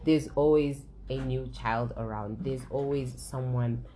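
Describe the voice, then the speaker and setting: A woman's voice: rumbling low, fairly even intonation, unhurried, warm tone, slight background noise, rough recording. A young woman talking candidly in a casual conversation, open and emotional, swearing freely and restarting her sentences. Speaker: guest sharing her story.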